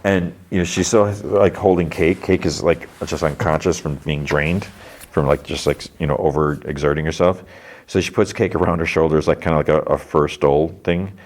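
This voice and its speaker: A man's voice: very deep voice, fairly even intonation, moderate pace, a little mellow. A man hosting a podcast, recapping a cartoon episode in a casual, rambling way with lots of filler words. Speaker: podcast host.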